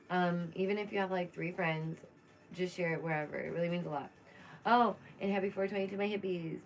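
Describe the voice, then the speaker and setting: Young woman, casual commentary vlogger; outspoken, chatty, slightly low pitch. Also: slight background noise. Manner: chatty, outspoken, laughs often. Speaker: true crime commentary vlogger.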